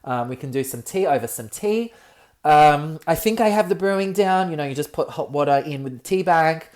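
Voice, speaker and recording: A young Australian man hosting a solo comedic podcast, campy and expressive, ranting and swearing freely. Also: on the high side, moderate pace. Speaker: podcast host.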